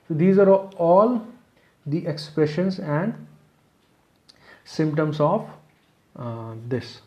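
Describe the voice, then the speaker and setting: A man's voice: on the high side, animated, takes it slowly, dark tone. Man lecturing with frequent "okay"s. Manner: explains step by step, repeating phrases and adding frequent "okay"s. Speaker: webinar presenter. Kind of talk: online lecture.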